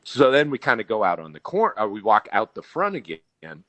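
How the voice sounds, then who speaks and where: A man's voice: fairly low pitch, moderate pace, background noise. A man on a podcast, telling a story in casual chat and acting out the people he quotes. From Billings, Montana. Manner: animated, acts out quoted people.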